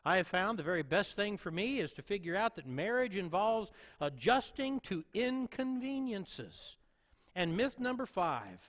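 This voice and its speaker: Pastor, male, high-pitched, earnest sermon delivery with emphatic repeats, long hall reverb. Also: a bit bright. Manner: earnest preaching with repetitions for emphasis.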